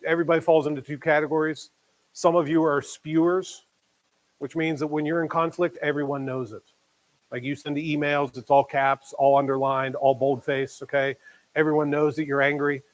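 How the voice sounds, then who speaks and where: Male pastor, fairly high voice, chatty sermon delivery with dramatized quotes and hushed emphasis. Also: low-quality recording. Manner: conversational preaching, acts out quoted voices, drops to quiet emphasis.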